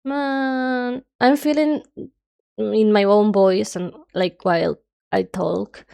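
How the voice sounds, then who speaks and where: A woman's voice: medium pitch, steady tone, takes it slowly, vocal fry, dark tone, smooth. A young woman streamer chatting casually and rambling nonstop while she draws, her nose stuffy. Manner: rambling, chatty, self-described yapping.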